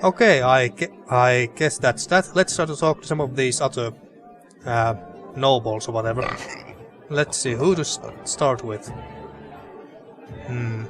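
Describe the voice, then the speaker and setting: A man's voice: mid-range voice, a little slow, pauses often, crowd noise. A man hosting a let's play, chatting and joking through gameplay commentary and often restarting his sentences. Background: faint game music.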